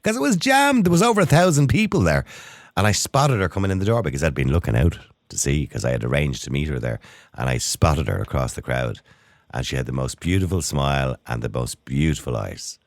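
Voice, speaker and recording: Deep-voiced Irish man, lively radio host. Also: a little fast, no echo, studio quality. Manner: animated, chatty, laughs often. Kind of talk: casual radio chat.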